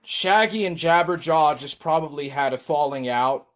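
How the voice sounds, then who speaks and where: A man's voice: on the high side, normal speed. A man chatting casually on his livestream, rambling with frequent ums while reading chat.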